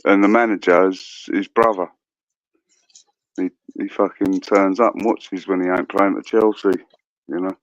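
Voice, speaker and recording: A middle-aged man rambles on a phone call, his voice on the low side. He stops and starts, fills gaps with "um," and swears freely. The sound is dry and close. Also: fairly even intonation, measured pace, no echo. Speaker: guest caller. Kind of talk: casual chat.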